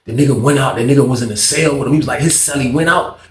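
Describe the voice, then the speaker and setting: A man hosting his channel, telling a storytime tale in an animated, profane street style. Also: mid-range voice, very fast, a little hiss or hum. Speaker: channel host. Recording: echoey room.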